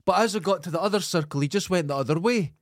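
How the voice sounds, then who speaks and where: A Scottish man hosting a podcast, telling a comic story in an animated, emphatic way and swearing freely. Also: high voice, fast, no room sound, studio quality. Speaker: podcast host. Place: studio.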